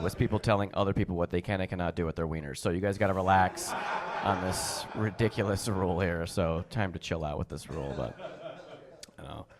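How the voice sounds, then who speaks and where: A man from New Jersey doing a stand-up comedy set on stage, chatting fast and acting out the people in his stories with high put-on voices. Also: noisy background. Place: comedy stage before a live audience.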